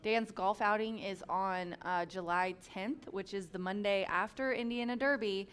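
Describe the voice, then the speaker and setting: A woman's voice: mid-range voice, moderate pace, a bit bright. A woman hosting a horse racing show, chatting in an upbeat way and laughing often. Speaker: racing program host and handicapper. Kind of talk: casual chat.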